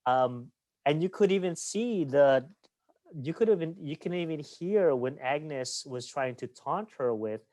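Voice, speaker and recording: A man's voice: on the high side, lively intonation, a little slow, dark tone, no echo. A man who works as a therapist, talking casually as a podcast guest and often stopping to restart his words.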